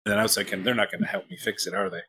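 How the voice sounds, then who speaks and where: Podcast host, American man, low voice, rambling self-deprecating anecdotes. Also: steady tone, rapid-fire, heavy background noise. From United States. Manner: rambling, self-mocking anecdotes with many restarts. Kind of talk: casual storytelling chat.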